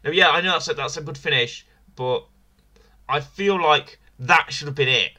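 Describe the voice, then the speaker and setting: A man's voice: fairly high pitch, normal speed, pushed and bright. A man co-hosting a casual review podcast, rambling and repeating himself as he restarts his sentences. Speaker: podcast co-host. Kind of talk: casual wrestling review chat.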